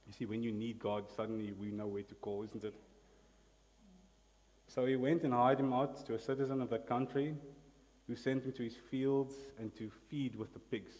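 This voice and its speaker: A man preaching a sermon in a voice of ordinary middle pitch. His delivery is emphatic, and he calls on the congregation to repeat words after him. His voice rings with the long reverb of a large church hall. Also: fairly even intonation, normal speed, a little mellow. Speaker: pastor.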